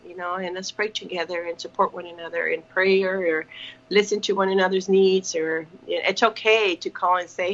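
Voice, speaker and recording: A woman's voice: fairly low pitch, steady tone. Earnest woman on a dull video call. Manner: earnest, halting, many fillers and restarts. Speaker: ministry partner. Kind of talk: casual video call chat. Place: home kitchen.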